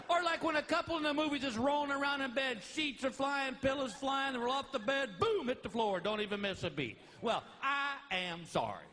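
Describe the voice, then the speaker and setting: A man's voice: very high-pitched, normal speed, few pauses, background noise. A middle-aged man performing a stand-up comedy routine on a live stage, acting out the people in his stories. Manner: animated, acts out voices. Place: live venue with audience.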